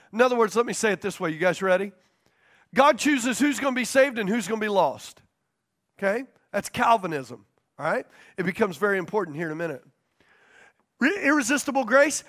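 A pastor teaching a sermon, stressing key points by repeating them and checking in with the congregation. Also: male voice, high voice, fairly bright tone.

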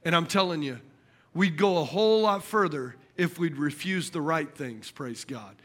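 Male preacher, high bright voice, animated comic sermon style. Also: normal speed. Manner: animated, jokey, calls out to the congregation.

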